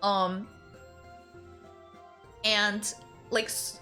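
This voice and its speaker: A woman's voice: mid-range voice, little pitch movement, drawn-out words, pushed and bright, faint music behind. A young woman streamer telling a long story in casual chat, rambling with many fillers and frequent laughs. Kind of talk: casual storytelling while drawing.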